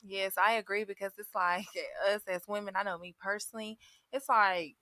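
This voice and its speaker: A woman's voice: mid-range voice, fairly even intonation, moderate pace, sharp tone, dry recording. A woman guest on a podcast panel, speaking outspokenly and emphatically in casual chat.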